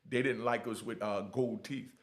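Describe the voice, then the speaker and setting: A middle-aged man telling his own prison stories in blunt, lively street talk, often asking "you know what I mean". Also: fairly low pitch, normal speed. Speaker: storyteller sharing prison stories. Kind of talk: casual storytelling.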